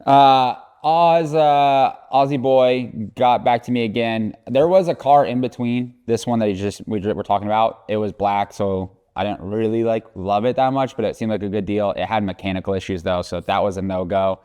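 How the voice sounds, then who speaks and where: A man's voice: fairly low pitch, normal speed, hardly any pauses, dark tone, clear, resonant tone. A man vlogging casually, joking around, swearing often and rambling. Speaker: car vlogger. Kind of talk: casual vlog talk.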